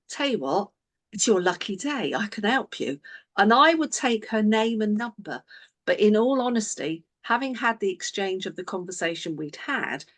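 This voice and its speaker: A woman coaching a business team, telling a story and acting out the dialogue of everyone in it. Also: medium pitch. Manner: animated, acts out quoted dialogue in the story.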